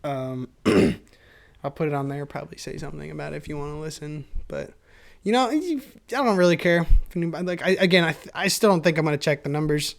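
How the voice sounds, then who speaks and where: A man's voice: on the high side, expressive, fast, creaky. A young man hosting a solo podcast, talking in a chatty, self-mocking ramble and laughing often, recorded on a camera mic. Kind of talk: rambling casual monologue.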